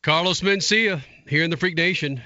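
Radio guy hosting, high lively voice, bright, kinda dull dry sound. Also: no echo. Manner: quick plugs and show rundowns. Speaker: radio show host. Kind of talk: radio talk show hosting.

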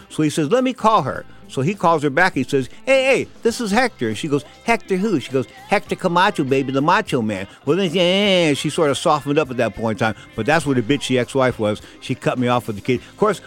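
Fast-talking rambling radio host man. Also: on the high side. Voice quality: rambling, leans on stock phrases. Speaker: radio talk show host. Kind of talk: talk radio storytelling.

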